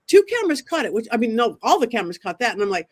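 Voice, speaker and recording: A woman, a psychic medium as a guest, telling a dramatic story in an animated way and acting out what people said. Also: on the high side, very fast, slightly rough. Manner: excitable, quotes herself and others in dramatic asides.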